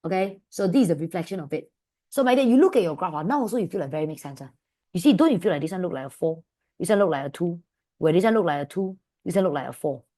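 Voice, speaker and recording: A woman with a Malaysian English accent teaching an online maths class, calling her students "my dear" and asking them quick questions. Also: on the low side. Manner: affectionate, calls students "my dear"; lively, asks many quick questions. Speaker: maths tutor.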